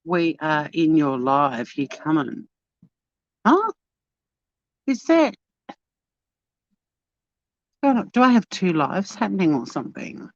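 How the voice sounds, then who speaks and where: Taking it slowly with long pauses, an Australian woman with a deep voice and lively intonation casually chats to her live-stream viewers at a beachside cafe. She's bubbly and talkative, talking to chat on the move, recorded as dull lo-fi phone audio with no echo.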